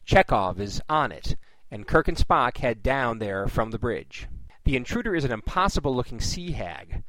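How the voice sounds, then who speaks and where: Male host narrating a plot recap, even and wry, dry close sound. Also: mid-range voice, normal speed, dry recording, poor audio. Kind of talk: scripted plot recap with casual asides.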